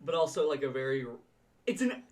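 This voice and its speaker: A woman speaking as a tabletop game player, casual and laid-back. Her voice is low for a woman. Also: very animated, a little fast, darkish tone. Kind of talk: tabletop role-play.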